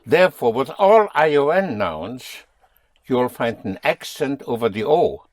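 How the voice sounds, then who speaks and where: A man's voice: mid-range voice, animated, a little slow, a little mellow. A man teaching a language lesson, patiently quizzing his students and explaining rules. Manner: patient, drilling students with questions.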